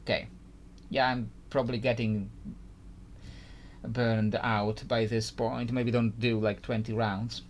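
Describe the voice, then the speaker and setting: A man's voice: mid-range voice, level tone, slow, long pauses, a little hiss or hum. A man giving casual gameplay commentary, hesitant and thinking aloud with frequent restarts. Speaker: gaming YouTuber.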